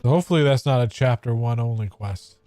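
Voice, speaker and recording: A man rambles casually as he plays, offhand and now and then profane. His voice is mellow and dark in tone, at an ordinary male pitch, with faint game music behind. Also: fast. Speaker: gamer. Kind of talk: casual gameplay commentary.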